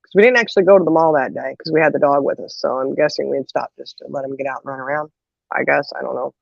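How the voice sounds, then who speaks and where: A woman's voice: low-pitched, fast, gravelly, no echo. A woman in a casual chat telling a funny family story, laughing and acting out quotes. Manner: animated, laughs often, acts out quotes. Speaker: host. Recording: dull lo-fi audio.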